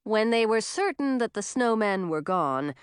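A woman reading a storybook aloud, her voice rising and falling in a lively, expressive way. The recording is dry and close, with no room sound. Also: mid-range voice, unhurried, smooth, no echo. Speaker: narrator. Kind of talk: storybook narration.

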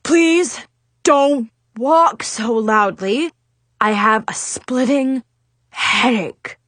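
A woman voicing a high-strung, moody male teacher who yells and grumbles in a fussy way. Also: lively intonation, measured pace, no echo. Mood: grumbling.

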